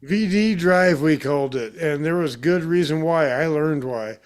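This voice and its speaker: A man's voice: on the high side, a little slow. A man in a casual chat, dropping dry, wry one-liners.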